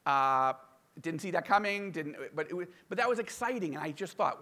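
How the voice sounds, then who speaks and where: An American man, an author, telling a story in casual talk, animated and self-deprecating. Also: fairly high pitch, normal speed. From United States. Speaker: author and podcast guest.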